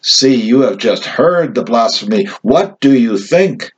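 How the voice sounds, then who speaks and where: A man reading the lines of a stern high priest in a scripture reading, demanding and raised. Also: lively intonation, a little slow, husky, lo-fi sound. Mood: accusing.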